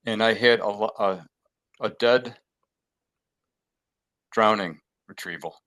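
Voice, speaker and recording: A man's voice: on the low side, takes it slowly, a bit bright. A man on a video call, giving short affirming replies and then taking his turn to share. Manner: brief, affirming responses. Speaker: meditation group participant. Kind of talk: casual chat on Zoom.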